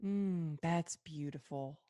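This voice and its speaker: A woman's voice: deep voice, slow, mellow. A woman hosting a podcast interview, gushing with praise for her guest and laughing easily in casual chat. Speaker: podcast host.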